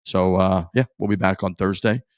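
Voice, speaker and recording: A man co-hosting a golf podcast in relaxed casual chat, wrapping up the episode. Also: low-pitched, normal speed, clean tone, no room sound, clean studio sound. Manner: relaxed, wraps up the show. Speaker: podcast co-host.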